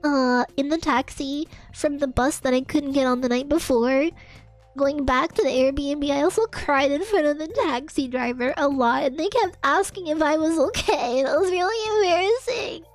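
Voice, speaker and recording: High-voiced Australian woman ranting. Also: normal speed, no room sound, soft background music. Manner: laughs often, swears, emotional and breathless retelling. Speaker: VTuber streamer. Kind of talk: casual storytelling rant to chat.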